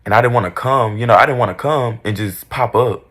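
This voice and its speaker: Husky young man telling a storytime. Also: medium pitch, fairly quick, a bit bright. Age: young adult. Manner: candid, profane and dramatic. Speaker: vlogger. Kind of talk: casual storytime.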